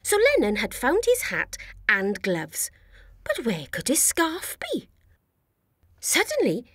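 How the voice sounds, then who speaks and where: A woman presenting a preschool show, reading a story and talking straight to young children. Her high voice swings widely in a warm singsong. She speaks slowly and softly, a little breathy. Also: no echo, clean studio sound. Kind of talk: slow, expressive preschool storytelling.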